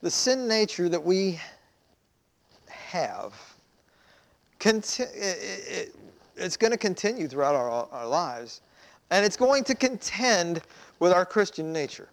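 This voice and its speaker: A man's voice: high voice, very animated, takes it slowly, pauses often. A man, a pastor, preaching a sermon in a conversational way, asking rhetorical questions.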